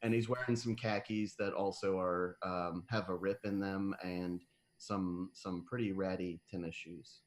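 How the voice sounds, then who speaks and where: Low-voiced man, halting and hesitant. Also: steady tone. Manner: halting, filler-heavy. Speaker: player. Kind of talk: describing his character at a tabletop game.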